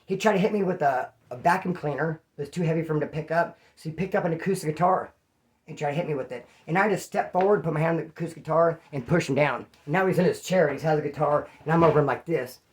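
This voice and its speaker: A man telling a rough personal story in casual, profane street slang. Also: fairly high pitch, fast. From California. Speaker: vlogger.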